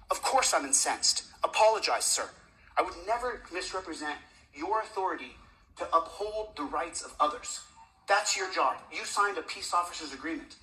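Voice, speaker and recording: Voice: mid-range voice, animated, normal speed, pushed and bright, soft background music. A citizen journalist filming indoors in a public building, agitated and shaking, confronting an officer in a demanding, lecturing way. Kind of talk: heated confrontation. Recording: voice caught from a distance.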